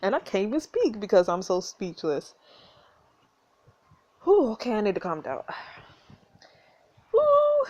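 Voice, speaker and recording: Excitable giggly woman playing a story game. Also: medium pitch, slow pace, long pauses, dull audio. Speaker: gaming video host. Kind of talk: reading and reacting to a story game.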